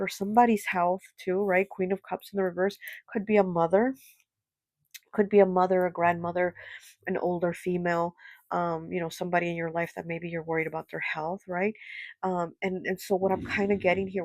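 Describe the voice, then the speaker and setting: A woman with a low, gravelly voice gives a casual tarot reading straight into a close, dry mic. She rambles and circles back on her points, padding her talk with "like" and "you know". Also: no room sound. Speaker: tarot reader.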